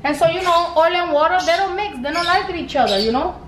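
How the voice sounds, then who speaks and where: Bossy high-voiced woman. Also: expressive, fast, a bit bright, reverberant, a little hiss or hum. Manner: blunt and bossy, keeps asking "okay?". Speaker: aunt cooking for the family. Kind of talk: home cooking demonstration. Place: home kitchen. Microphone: camera held by someone else.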